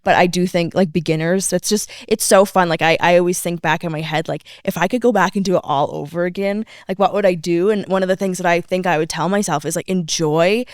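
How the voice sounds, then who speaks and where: Clear-voiced enthusiastic woman instructor. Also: on the low side, a little fast, few pauses, dry recording, studio quality. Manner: enthusiastic, animated when quoting students. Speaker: snowmobile riding instructor. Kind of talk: casual podcast chat.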